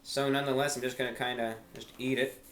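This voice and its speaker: A man hosting a casual food review in a measured, formal way, a little out of breath. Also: medium pitch, little pitch movement, a bit bright, a little hiss or hum. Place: small eating nook indoors. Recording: echoey room with faint ambience.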